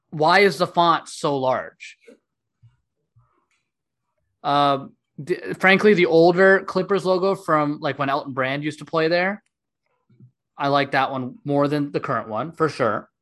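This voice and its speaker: A man's voice: fairly high pitch, a little slow, pauses often, fairly bright tone. Opinionated man hosting a casual podcast. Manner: opinionated, emphatic, repeats points. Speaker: podcast host. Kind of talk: casual chat.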